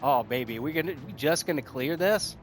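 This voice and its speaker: Man, slightly high voice, out of breath, excitable, laughing, casual game commentary, faint music behind. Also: a little fast. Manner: excitable, laughs often, talks to himself and the game. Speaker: gaming streamer.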